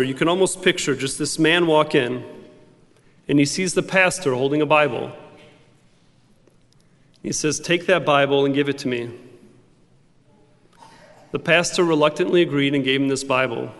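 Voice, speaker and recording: A man's voice: on the high side, fairly even intonation, normal speed, pauses often, a bit bright, in a large hall. A man preaching a sermon in an emphatic, repetitive cadence. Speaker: pastor.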